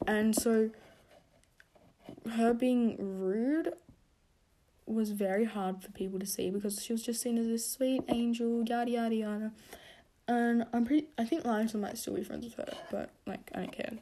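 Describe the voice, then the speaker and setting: A young woman hosting a casual podcast rant, rambling with many fillers and self-corrections, getting animated as she tells a story. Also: moderate pace. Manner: animated storytelling, pitch jumping when excited. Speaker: podcast host.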